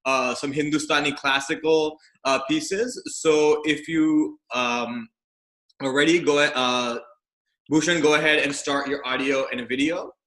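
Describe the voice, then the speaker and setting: A man's voice: fairly high pitch, steady tone, measured pace, a bit bright, echoey room. A man hosting on a video call, introducing the next performer casually with many fillers. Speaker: host.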